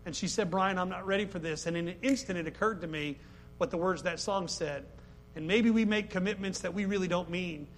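A middle-aged man preaching a sermon, talking to the congregation with many rhetorical questions and sudden loud, pleading outbursts. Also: high voice, brisk, a little hiss or hum.

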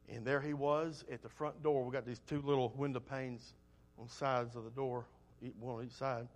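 A man preaching a sermon, telling homespun stories in a folksy way and swinging between loud emphasis and soft asides. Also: medium pitch.

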